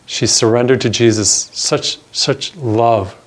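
An older man, a Catholic priest, relates a personal story within an earnest sermon in a mid-range voice. Key words get stressed as he deliberately slows.

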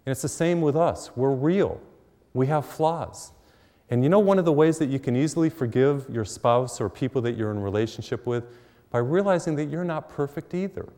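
A man's voice: medium pitch, moderate pace, mellow. A middle-aged man preaching a sermon, telling stories in a conversational, humorous way. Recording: long hall reverb.

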